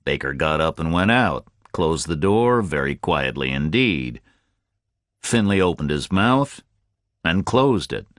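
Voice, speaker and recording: A man's voice: extremely low pitch, big pitch swings, unhurried, fairly bright tone, no echo, studio quality. A man narrating a first-person audiobook in terse, clipped sentences.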